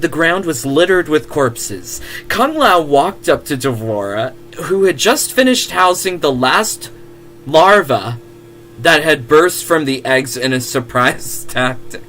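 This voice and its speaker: A man's voice: fairly high pitch, fairly bright tone. A giggly man who laughs often, reading fan fiction aloud with casual comedic comments.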